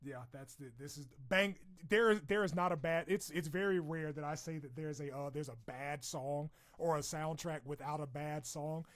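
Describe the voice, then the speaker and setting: A slightly high male voice, moderately paced with few pauses, belongs to a young streamer going through a character wishlist. His chat is loose and jokey, full of profanity and bursts of laughter, with game music in the background.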